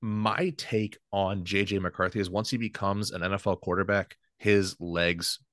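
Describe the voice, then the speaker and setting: A man's voice: low voice, flat delivery, unhurried, fairly bright tone, dry recording, clean studio sound. A man co-hosting a sports podcast, talking casually and rambling a bit, often correcting himself and laughing easily. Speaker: podcast co-host.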